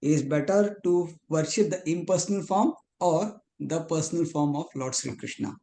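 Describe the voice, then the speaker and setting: A male student works through a verse in a halting way, with pauses and restarts. His voice is fairly high and warm. It sounds roomy, with a faint hiss behind it. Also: animated, creaky. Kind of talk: explaining a verse in an online class. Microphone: video call. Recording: echoey room with faint noise.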